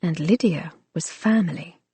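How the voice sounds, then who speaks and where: A woman reading a romance novel aloud as an audiobook narrator, in a measured, soft-spoken way. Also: fairly low pitch, a little hiss or hum.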